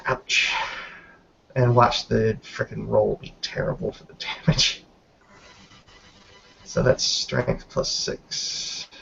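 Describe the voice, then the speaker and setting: A man with a gravelly, creaky voice plays a tabletop role-playing game, counting his dice rolls out loud and swearing casually. The lo-fi recording sounds dull and muffled. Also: medium pitch, level tone, slow, pauses often, a little hiss or hum.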